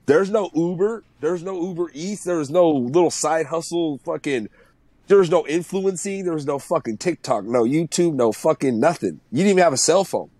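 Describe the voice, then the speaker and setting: A man's voice: fairly high pitch, moderate pace, a little mellow, no echo. Blunt, profane man in his thirties. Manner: blunt, profane, emphatic advice. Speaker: music producer guest. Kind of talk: casual podcast chat.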